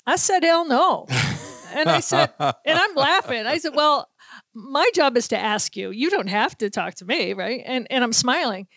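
Lively woman telling a story, higher voice. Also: normal speed, no room sound. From Boston. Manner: lively anecdotes with acted-out quotes and laughter. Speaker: sports reporter, podcast host. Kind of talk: casual storytelling chat.

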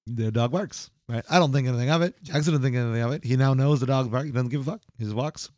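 A man's voice: medium pitch, fast, darkish tone, dry recording, clean studio sound. A man co-hosting a podcast, telling a story in casual, profane chat. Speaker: podcast co-host.

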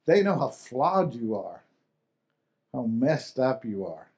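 A man's voice: mid-range voice, big pitch swings, takes it slowly. A pastor preaching a sermon in a conversational way, asking the listeners questions and often repeating and restarting his words. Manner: voice swings from quiet to loud with emphasis.

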